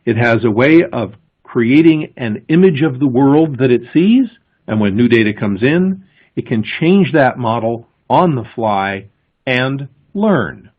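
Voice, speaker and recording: Husky male conference speaker, tinny audio. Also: medium pitch, animated. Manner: explanatory, emphatic, with pauses before key words. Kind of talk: conference presentation. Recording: thin, phone-like lo-fi audio.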